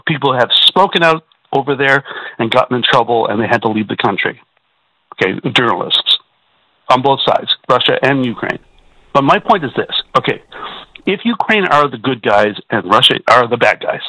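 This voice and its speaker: A man's voice: medium pitch, lively intonation, moderate pace, bright, forceful tone, no echo, poor audio. Agitated stammering male caller. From Canada. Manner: agitated, repetitive, stammering restarts. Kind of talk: call-in radio talk.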